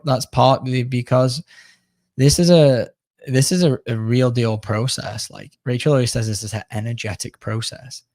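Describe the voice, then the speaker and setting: A man's voice: on the low side, gravelly, darkish tone, dry recording. A man in casual podcast conversation, reflective and searching, with many fillers.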